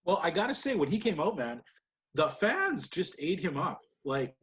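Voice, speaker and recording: A man's voice: on the high side, very animated, moderate pace, fairly bright tone. A man co-hosting a podcast, recapping wrestling matches in casual, rambling chat and laughing often. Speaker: podcast co-host.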